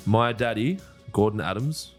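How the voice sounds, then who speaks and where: A man co-hosting a casual podcast, with a low voice that swings widely in pitch as he jokes and swears his way through the banter. Faint music sits in the background. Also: moderate pace. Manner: swearing, joking, animated. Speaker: podcast co-host.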